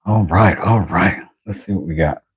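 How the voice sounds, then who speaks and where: A man's voice: sits low, moderate pace, husky, rough recording. A man chatting casually to himself while working in his home workshop, making a knife for a vlog.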